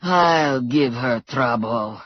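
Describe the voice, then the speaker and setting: A woman doing a slow, menacing brute of a mob boss. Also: rumbling low, expressive, breathy edge, no echo, dull audio, pitched below the performer's own voice, full character voice. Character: brutal hulking male mob boss.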